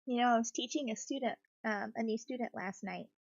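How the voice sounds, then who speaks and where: A woman with a fairly high voice and a gravelly fry talks softly and reassuringly as she works on a craft kit. She sits close to the mic, and the sound is dry and a little dull. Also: brisk, dry recording. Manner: soft-spoken, reassuring, gentle. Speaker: craft streamer. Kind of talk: cozy casual chat while building.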